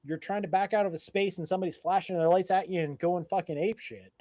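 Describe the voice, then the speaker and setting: A man co-hosting a live podcast, telling a story in an emphatic, profane, animated way. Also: high voice, quick pace, no room sound. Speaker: podcast co-host. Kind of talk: casual storytelling.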